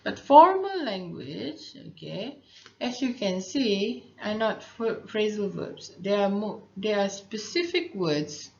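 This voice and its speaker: A woman's voice: mid-range voice, lively intonation, slow, gravelly, darkish tone. A woman teaching a writing lesson, patiently explaining and checking in often with "okay". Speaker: English teacher. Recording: dull lo-fi recording.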